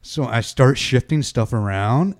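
A man's voice: mid-range voice, measured pace. A man co-hosting a podcast from his kitchen, telling stories with lots of swearing and laughter. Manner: swears a lot, laughs often, animated storyteller. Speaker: podcast co-host. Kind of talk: casual chat. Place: home kitchen.

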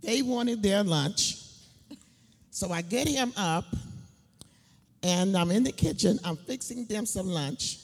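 A middle-aged woman giving a personal testimony in church, telling her story slowly and emphatically, laughing between lines. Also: medium pitch, lively intonation, husky. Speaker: church speaker. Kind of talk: sermon testimony. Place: church building. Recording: long hall reverb.

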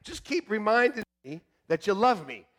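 A male pastor preaches to his congregation in a church sanctuary, his voice sitting high with big swings in pitch at a normal speed. He trades jokes with the crowd, shifting from quiet asides to shouted emphasis.

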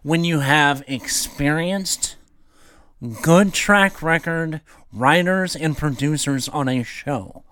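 A man's voice: fairly high pitch, takes it slowly, a bit bright, clean tone, no echo. A man co-hosting a casual chat show, opinionated and rambling with restarts as he makes his points. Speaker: podcast co-host.

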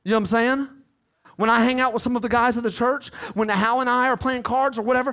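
A man preaching a sermon as pastor, swinging between emphatic shouts and quiet pleas and repeating short phrases with calls of "come on". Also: very high-pitched, steady tone, quick pace.

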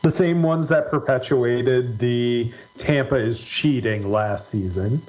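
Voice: mid-range voice, takes it slowly, darkish tone, dull audio. A podcast co-host in casual chat who makes dry quips.

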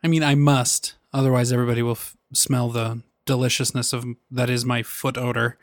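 A man's voice: mid-range voice, little pitch movement, a little fast, no room sound, clean studio sound. A man co-hosting a casual podcast, joking around with playful puns and poking fun at himself. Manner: jokey, playful wordplay, self-mocking. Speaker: podcast co-host. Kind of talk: casual chat.

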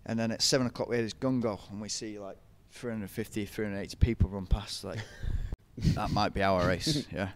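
A man's voice: on the low side, fairly even intonation, a little fast, few pauses, slight background noise. A young man, telling running stories in a casual interview, chatty and laughing often. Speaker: podcast guest, ultra runner.

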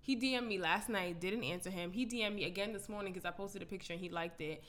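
A woman's voice: mid-range voice, fast, a bit bright. A woman in her twenties co-hosting a podcast, chatting casually and venting bluntly, swearing freely. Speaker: podcast co-host. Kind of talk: casual chat.

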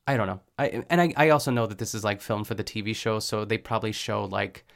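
A man hosting a podcast, chatting casually and rambling with lots of "like" fillers and quick laughs as he recaps a cooking show. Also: fairly low pitch, vocal fry. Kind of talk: casual chat.

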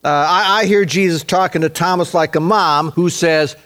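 A man preaching a sermon as pastor, stressing phrases slowly and acting out quoted speech. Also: fairly high pitch, fairly bright tone.

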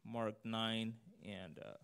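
In a slow, steady delivery, this preacher's low voice sounds creaky yet smooth and fairly bright. His sermon is casual and sincere: he reads from scripture, discusses it conversationally, and lifts his voice for emphasis.

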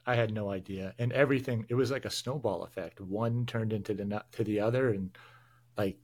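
A man's voice: lowish voice, brisk. A man, a firefighter guest on a podcast, telling stories over a remote call with stumbles and restarts. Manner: animated storytelling, stumbles and restarts. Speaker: firefighter and public information officer, guest. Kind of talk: casual interview chat. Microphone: remote video call.

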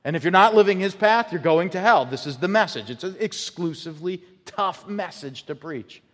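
A man's voice: high-pitched, expressive, moderate pace, fairly bright tone. A man preaching a sermon as pastor, emphatic and often repeating his words as he builds a point. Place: church sanctuary. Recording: long hall reverb.

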